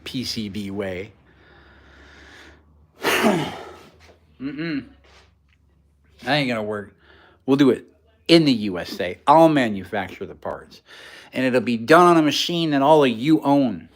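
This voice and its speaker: A man's voice: mid-range voice, lively intonation, takes it slowly, pauses often. A man talking casually on a livestream from his garage workshop, rambling and frank, often laughing at himself. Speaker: livestream host, maker.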